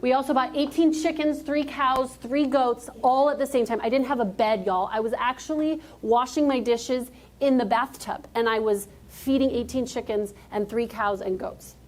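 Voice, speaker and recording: A woman in her thirties with a fairly high voice gives a keynote speech on a conference stage. She is energetic and joking, and she keeps talking directly to the crowd in front of her. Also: moderate pace. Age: 30s. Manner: energetic, joking, talks straight to the audience. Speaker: motivational speaker. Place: conference stage before a live audience.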